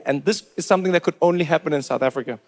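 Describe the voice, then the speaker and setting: A man doing stand-up comedy, telling stories in an animated, incredulous way. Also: fairly high pitch, rapid-fire.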